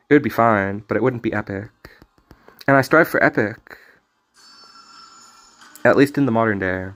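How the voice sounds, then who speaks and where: A man streaming a card game, rambling in casual commentary with jokey, self-mocking asides. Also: mid-range voice.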